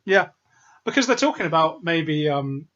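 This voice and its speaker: A man's voice: a little high, lively intonation, moderate pace, a bit bright. A man co-hosting a casual film review, rambling and hedging his opinions. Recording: dull lo-fi sound.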